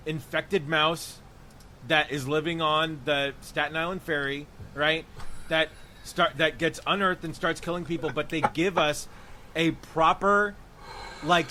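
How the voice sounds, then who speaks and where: A man's voice: fairly high pitch, sharp tone, slight background noise. A man on a podcast in casual chat, enthusing about a film with rambling restarts. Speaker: podcast co-host.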